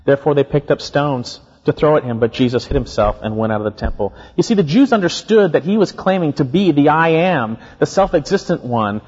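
A man preaching an expository sermon, emphatic, repeating his key points and slowing down to stress words. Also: a little high, darkish tone, breathy edge, big-room sound, highs cut off. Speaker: pastor.

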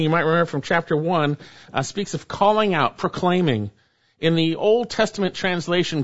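A pastor with a high voice delivers a verse-by-verse sermon. He presses his points and repeats key phrases for emphasis. The recording sounds dull and lo-fi. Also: fairly bright tone. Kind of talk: expository sermon.

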